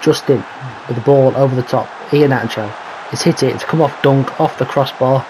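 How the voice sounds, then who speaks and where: A man's voice: mid-range voice, brisk, background noise. A man giving casual let's-play commentary on a football management game, calling out players and thinking aloud about tactics. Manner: calls player names, mutters his own worries. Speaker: gaming commentator.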